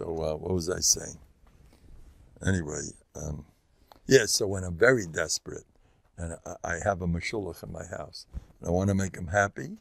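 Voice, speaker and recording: Older rabbi guy, gravelly, dry close sound, jokes around bragging. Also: low voice, a bit bright, no echo. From United States. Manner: joking, boastful, self-mocking, with frequent laughs. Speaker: rabbi giving a class. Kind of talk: informal Torah lecture.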